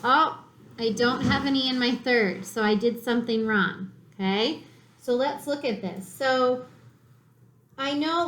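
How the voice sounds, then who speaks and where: A woman teaching a third grade reading lesson, patiently sounding words out syllable by syllable. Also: a little high. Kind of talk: slow spelling lesson for children. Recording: echoey room.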